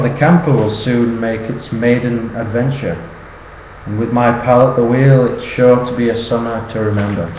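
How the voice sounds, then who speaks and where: Man, early 20s, sing-song rhyming toast; roomy room, faint background hum. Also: medium pitch. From northern England. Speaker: best friend giving a birthday toast. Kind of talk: reciting a humorous rhyming poem. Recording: roomy, dull sound with faint ambience.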